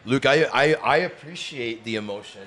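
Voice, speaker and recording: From a studio inside a sports bar, a Toronto podcast host talks with enthusiasm and emphasis, repeating things for stress during a casual interview chat. His voice is medium in pitch and a bit bright, at a moderate pace.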